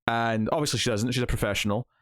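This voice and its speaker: A man's voice: medium pitch, fast talker, dry recording, studio quality. A Scottish man co-hosting a casual TV review chat, talking animatedly. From Scotland. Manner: animated, acts out quotes in put-on voices. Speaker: TV review co-host.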